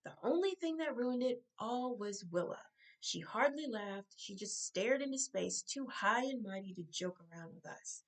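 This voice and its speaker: A woman author reading her own novel aloud, now and then breaking off to correct herself or make a quick aside. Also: a little high, lively intonation, poor audio.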